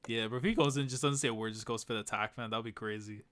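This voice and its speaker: A man's voice: fairly low pitch, fairly even intonation, rapid-fire, fairly bright tone. A man hosting a casual live stream, laughing often and reading chat comments aloud. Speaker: stream host.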